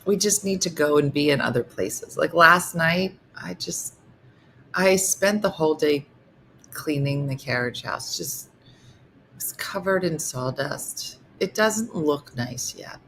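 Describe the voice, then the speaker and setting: Woman host, middle-aged, low pitch, bright tone, casual chatty talk, faint background hum. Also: slow. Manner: chatty, reads viewer comments aloud. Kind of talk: casual livestream chat.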